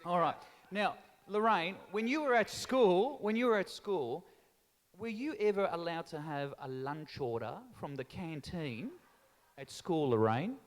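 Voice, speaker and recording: A man doing live stand-up crowd work in a large town hall, teasing the audience in an animated way. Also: sits high, unhurried. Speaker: stand-up comedian and MC. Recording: echoey hall reverb.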